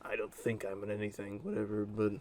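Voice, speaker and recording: A man's voice: fairly low pitch, level tone, fairly quick, darkish tone. A young adult man telling a story from his school days in a casual, blunt monologue, with many fillers and crude words.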